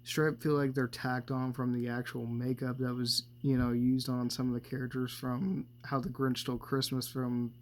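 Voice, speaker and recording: A man's voice: mid-range voice, little pitch movement, moderate pace, hardly any pauses. Brief: male vlogger, casual profane movie rundown, rambling and chuckly. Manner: profane, laughing often, loose and meandering. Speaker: movie commentator.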